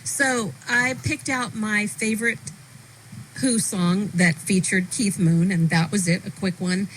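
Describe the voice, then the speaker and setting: A woman's voice: medium pitch, steady tone, fairly bright tone, slight background noise, rough recording. Chatty female radio host. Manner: enthusiastic, chatty, a bit halting. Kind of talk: casual radio interview. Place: radio studio.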